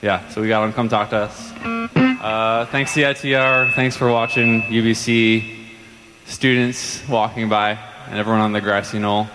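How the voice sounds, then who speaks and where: A man's voice: lowish voice, little pitch movement, normal speed. A man fronting a band, rambling awkwardly between songs on an outdoor stage. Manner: awkward, rambling, soft-spoken. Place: outdoor stage on a campus lawn. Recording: live outdoor set with long reverb and faint guitar.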